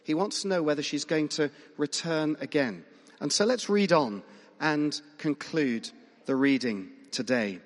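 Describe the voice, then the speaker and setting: A man preaching a sermon in a fairly high voice, talking to the congregation in a conversational, questioning way. His words ring out with the long reverb of a large church. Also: measured pace. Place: church hall.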